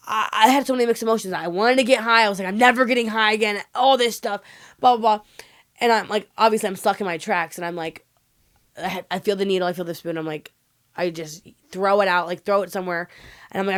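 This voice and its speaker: Woman guest telling her story candidly. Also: fairly low pitch. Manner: rapid, emotional retelling with frequent "like" fillers and swearing. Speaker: podcast guest.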